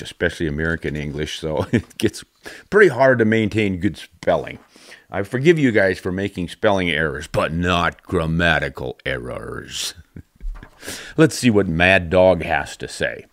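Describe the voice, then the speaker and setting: An older man with a very low voice hosts a podcast, chatting loosely and laughing often at his own jokes. The sound is dry and close. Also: no room sound. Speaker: podcast host. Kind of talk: casual podcast chat.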